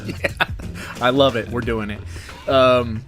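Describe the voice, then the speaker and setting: Man, medium pitch, playful laughing podcast co-host, guitar music in the background. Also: fairly even intonation, slow. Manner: laughs a lot, playful and loose. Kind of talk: casual chat.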